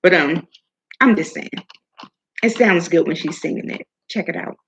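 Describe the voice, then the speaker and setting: A woman's voice: lowish voice, normal speed, creaky, a bit bright, husky, rough recording. A woman talking casually and preachily about self-worth and love, swearing now and then, with food in her mouth. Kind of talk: casual motivational talk.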